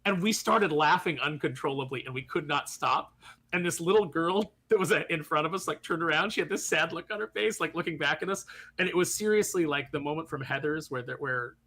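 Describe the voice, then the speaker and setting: Husky, bright-voiced man telling a story. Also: on the high side, a little fast. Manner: emphatic, blunt storyteller. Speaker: podcast co-host. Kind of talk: casual chat.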